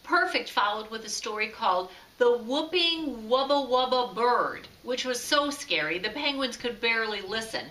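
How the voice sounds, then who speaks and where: A woman reading a children's story aloud in a slow, expressive way, recorded from a distance in an echoey room. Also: a little high, a little hiss or hum. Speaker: storybook reader. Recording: echoey room, far from mic.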